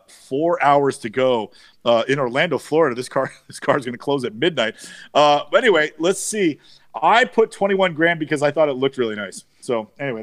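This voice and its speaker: A man hosting a casual car show, reading auction listings and tossing in quick agreements. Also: a little high, no echo. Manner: upbeat, frequent quick agreements, reads listings.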